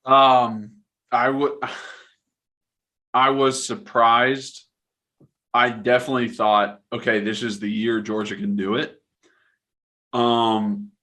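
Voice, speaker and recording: A man's voice: medium pitch, pushed and bright. A young man co-hosting a casual sports podcast, laid-back and teasing, giving candid opinions. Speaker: podcast co-host.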